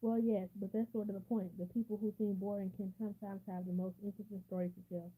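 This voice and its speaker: A woman reading a gentle, reassuring mother. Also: mid-range voice, little pitch movement, fast, slightly rough, narrow, tinny audio, close to an everyday voice. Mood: explaining. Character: kind, caring mother and podcast host.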